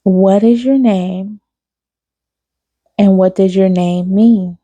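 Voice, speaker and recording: A woman's voice: medium pitch, fairly even intonation, slow pace, warm tone, no room sound, muffled recording. A woman giving an intuitive spiritual reading to her viewers, affectionate and repetitive, calling the listener baby. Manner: affectionate, addresses listener as baby, repeats phrases. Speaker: spiritual reader on her own channel.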